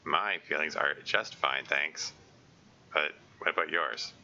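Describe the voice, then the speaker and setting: A stubborn, prickly teenage girl who answers gruffly and defensively, as a man reads her part. Her lines sit lower than the reader's usual voice. The tone stays bright, and the home mic is a bit dull and lo-fi. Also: slow, heavily acted.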